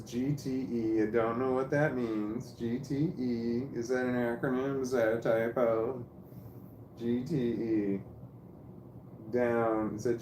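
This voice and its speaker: A man casually chatting on a live stream, reading viewer comments aloud in a rambling, halting way and repeating words as he goes. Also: on the low side, darkish tone. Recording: roomy echo with faint noise.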